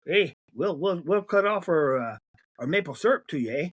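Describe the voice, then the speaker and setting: A man's voice: a little high, lively intonation, normal speed, husky, no echo, clean studio sound. A man voicing a placating male Canadian official who stammers as he backs down. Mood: mock placating.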